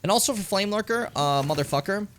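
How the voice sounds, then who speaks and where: A man giving casual, animated commentary while playing a video game, swearing and yelping when things get tense. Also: high-pitched, quick pace, slight background noise. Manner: animated, swearing, yelps and pleads when in danger.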